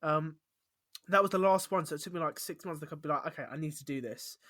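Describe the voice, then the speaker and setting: A man's voice: fairly high pitch, fast, a bit bright. A man around twenty, hosting a podcast in casual chat, stumbling over repeated words and "like" fillers. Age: about 20. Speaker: podcast host.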